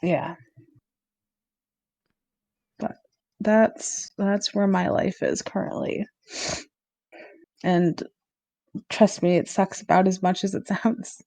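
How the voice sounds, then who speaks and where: A woman's voice: mid-range voice, steady tone, slow pace, long pauses, warm tone, no echo. A woman co-hosting a podcast in casual chat, wry and tired, laughing often. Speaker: podcast co-host.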